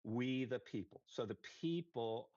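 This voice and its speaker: A man's voice: mid-range voice, animated, measured pace, a little mellow, no echo, lo-fi sound. A man hosting a commentary podcast, preachy and rallying, repeating his phrases. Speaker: podcast host. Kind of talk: conservative commentary chat.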